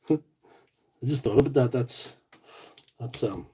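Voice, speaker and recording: A man's voice: mid-range voice, takes it slowly, mellow, husky, rough recording. A man from County Tyrone with a Northern Irish accent, chatting casually on a tool repair livestream, joking and answering viewer comments while he works. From Northern Ireland. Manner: chatty, joking, rambling asides while working.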